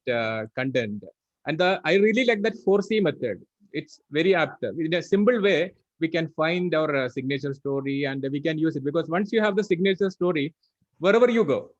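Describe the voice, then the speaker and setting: A man speaking hesitantly at an online club meeting, pausing often with fillers while thanking the host. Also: a little high, dry recording, muffled recording. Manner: hesitant, many filler pauses, grateful. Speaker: club member giving feedback.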